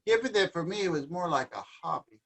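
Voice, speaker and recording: A man's voice: a little high, lively intonation, fast talker, a bit bright, poor audio. A man in casual conversation on a livestream, talking thoughtfully about music and dance and sometimes dropping in Spanish words. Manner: reflective, sprinkles in Spanish words. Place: home livestream.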